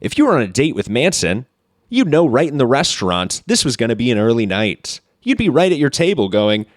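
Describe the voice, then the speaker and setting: A man's voice: mid-range voice, sing-song, brisk, no room sound, studio quality. A man hosting a comedy podcast, chatting playfully and reading listener mail. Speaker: podcast host. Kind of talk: casual comedy podcast chat.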